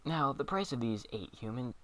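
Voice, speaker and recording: A man delivering scripted comedic narration in a sarcastic, deadpan way with quick asides. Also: medium pitch. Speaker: comedy video host.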